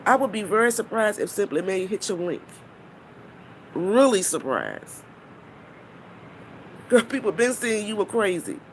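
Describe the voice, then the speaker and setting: A woman's voice: mid-range voice, fairly quick, few pauses, a little hiss or hum. A woman on a live stream, talking bluntly and mockingly to her viewers, swearing freely and stopping to greet people in the chat.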